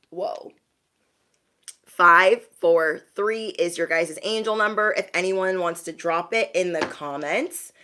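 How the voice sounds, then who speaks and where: A young adult woman giving a spiritual reading to her viewers in a chatty style, calling them bestie and acting out quick asides. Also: lowish voice, fairly bright tone. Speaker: intuitive reader.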